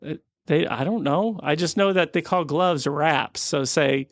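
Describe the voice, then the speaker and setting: Gravelly, deadpan podcast guy. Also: on the high side, a little slow, few pauses, dry recording, studio quality. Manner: deadpan, goofy bits of mock-British voices. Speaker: podcast co-host. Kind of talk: casual comedic chat.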